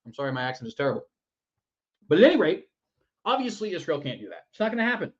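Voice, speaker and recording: Give me a sarcastic male commentary host with a slightly high voice, in a dull lo-fi recording. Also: big pitch swings, fast. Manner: sarcastic, mocking. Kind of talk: political commentary show.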